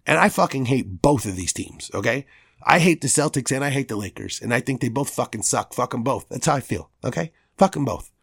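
Fired-up male sports podcast host, slightly higher-pitched than most, angry and emphatic, swears freely. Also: a bit bright. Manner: heated, profane, emphatic. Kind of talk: opinionated sports rant.

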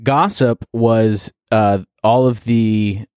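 A man's voice: on the low side, very slow, clean tone, dry recording, studio quality. A young man co-hosting a podcast, telling stories and joking with friends in a casual chat. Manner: lively, laughing, jokey storyteller. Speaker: podcast co-host.

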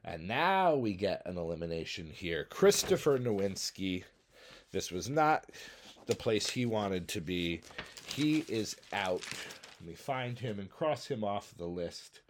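A man's voice: fairly low pitch, big pitch swings, unhurried, slight background noise. A man hosting and narrating a simulated wrestling battle royal in a playful, jokey way, sometimes humming entrance music. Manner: playful, jokey, breaks into sung hums and mock announcer bits. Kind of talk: solo play-by-play commentary.

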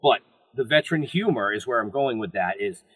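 A man on a video call, telling a story in a rambling, relaxed way. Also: mid-range voice, fairly quick, husky, rough recording. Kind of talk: casual chat.

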